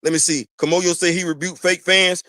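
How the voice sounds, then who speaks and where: Animated high-voiced man riffing. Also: brisk, no room sound, studio quality. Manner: animated, preachy, repeats phrases, talks to chat. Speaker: podcast host. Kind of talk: casual commentary monologue.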